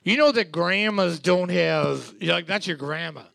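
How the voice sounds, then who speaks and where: A man's voice: high-pitched, measured pace, creaky, bright, forceful tone, no echo, studio quality. A man co-hosting a bar trivia night, reading out scores and joking crudely with lots of swearing. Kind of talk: casual banter while scoring a music quiz.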